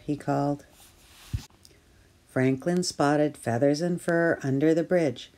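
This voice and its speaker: A woman reading a children's picture book aloud for storytime, gently and clearly. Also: low-pitched, fairly even intonation, slow pace. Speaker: storytime reader at early years centre.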